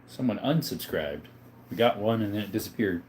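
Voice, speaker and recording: A man's voice: fairly low pitch, lively intonation, fairly quick, darkish tone, slight background noise. A man hosting a livestream, casually reading viewer comments aloud and answering their questions one by one in a laid-back way. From Arizona, US. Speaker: livestream host.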